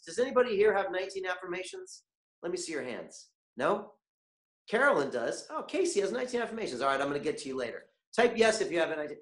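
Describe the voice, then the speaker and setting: A man hosting a motivational online masterclass, energetic and constantly asking his viewers questions. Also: high voice, fast, echoey room. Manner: animated, keeps asking the chat audience questions. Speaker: webinar host.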